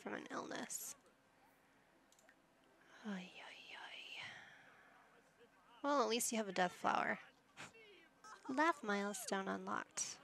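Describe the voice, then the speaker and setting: A woman's voice: mid-range voice, slow, creaky, pauses often, fairly bright tone. A young woman casually commentating a life-sim game, teasing and chatting to her characters. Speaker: gaming channel host. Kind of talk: casual let's-play commentary.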